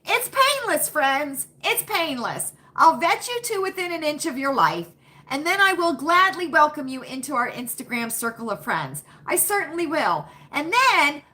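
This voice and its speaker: A woman's voice: high voice, sing-song, moderate pace, pushed and bright. A woman hosting a live stream, chatting folksily with viewers and answering their comments by name. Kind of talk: casual chat with live viewers.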